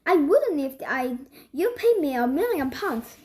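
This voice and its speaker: A sulky, defiant little boy in a storybook, as a woman reads him aloud. He snaps back stubbornly in a high, bouncy voice and refuses everything. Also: very animated, unhurried, dark tone.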